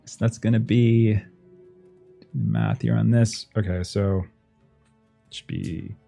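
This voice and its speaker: As game master of a tabletop game, a man thinks aloud, peppering his speech with fillers and frequent laughs. His voice is on the low side, steady, a little slow, creaky, and dark in tone, over faint background music.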